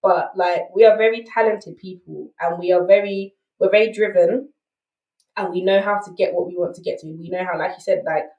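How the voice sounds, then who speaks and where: A woman's voice: on the low side, steady tone, brisk, darkish tone, reverberant, recorded from a distance, highs cut off. A woman with a South London accent, a podcast guest telling her story candidly and emphatically, often checking in with "right?". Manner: emphatic, rhetorical asides like "right?".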